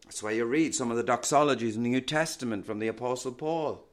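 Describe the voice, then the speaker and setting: A man preaching a sermon in a measured, emphatic teaching manner, often asking rhetorical questions. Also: medium pitch.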